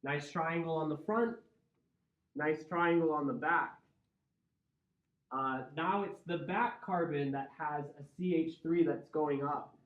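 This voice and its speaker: Speaking slowly in a voice on the high side, this Midwestern man delivers a chemistry lecture, breaking things down step by step and asking whether his students are following. The classroom audio is lo-fi, dull and roomy.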